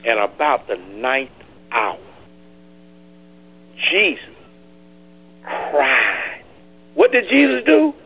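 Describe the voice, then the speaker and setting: A man preaching a Bible study, drawing answers from listeners and rising from low teaching to loud cries. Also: wildly swooping pitch, very slow, pauses often, noisy background. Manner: repeats words and phrases. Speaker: pastor leading Bible study. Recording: tinny phone-line call.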